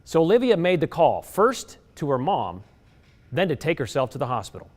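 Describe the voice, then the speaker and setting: A man working as a TV news reporter, presenting figures and asking interview questions in a measured, clear delivery. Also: on the high side, very animated, darkish tone.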